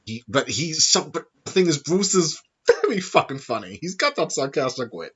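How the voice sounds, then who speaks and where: A man hosting a casual gaming chat, animated and rambling, swearing freely. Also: fairly high pitch, moderate pace, slightly rough. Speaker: podcast host. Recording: dull lo-fi sound.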